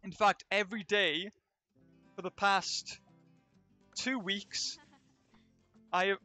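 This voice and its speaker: Bright-voiced joking young streamer guy. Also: sits high, animated, unhurried, pauses often, faint music behind. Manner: rambling, joking, chatty. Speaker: game streamer. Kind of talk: casual live-stream chat. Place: convention venue.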